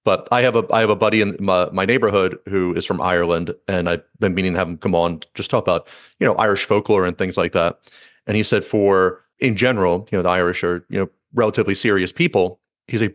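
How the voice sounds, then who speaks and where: A man's voice: low-pitched, fairly even intonation, quick pace, no room sound, studio quality. A man hosting a podcast, talking in a rambling, casual way with many fillers. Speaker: podcast host. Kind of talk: casual conversation.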